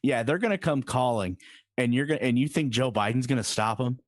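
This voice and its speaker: A man's voice: mid-range voice, brisk, no room sound, clean studio sound. A man co-hosting a political talk show, talking in a heated, ranting way. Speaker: co-host.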